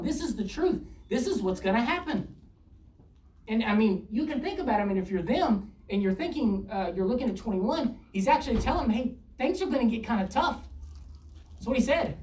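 A woman's voice: sing-song, brisk, a little mellow. Woman preaching in an echoey room. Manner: reads scripture aloud and acts out dialogue with a shifting pitch. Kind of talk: sermon. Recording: roomy echo, distant from mic, faint ambience.

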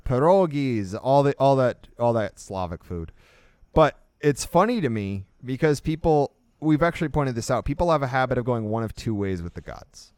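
A man's voice: medium pitch, expressive, normal speed, a little mellow, clean tone, dry recording, studio quality. A man co-hosting a casual discussion, explaining his points in an emphatic, lecturing way. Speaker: podcast co-host.

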